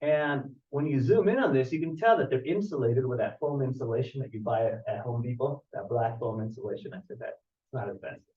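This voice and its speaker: A man, a home inspector, giving a casual talk to an audience and telling stories with animated asides. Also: mid-range voice, a little fast, few pauses. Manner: storytelling, animated, acts out callers. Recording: roomy, distant, dull audio.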